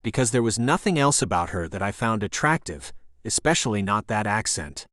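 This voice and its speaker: Guy reading a romance audiobook, lively up-and-down delivery, dry close mic. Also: on the low side, fairly quick, no room sound. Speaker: audiobook narrator. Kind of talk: first-person romance audiobook narration.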